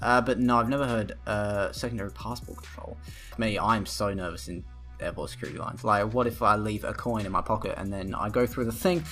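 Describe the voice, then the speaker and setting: A young man with a fairly low voice rants through a vlog, sarcastic and rambling. He swears freely as he reacts to what he reads, and faint music plays behind him. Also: fairly quick, fairly bright tone. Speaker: vlogger. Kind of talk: profane reaction rant.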